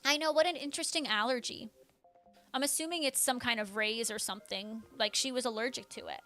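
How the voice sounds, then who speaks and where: A woman's voice: on the high side, fairly quick, bright, forceful tone, faint music behind. A woman livestreamer casually chatting and answering her chat, full of "like" fillers and bursts of surprise.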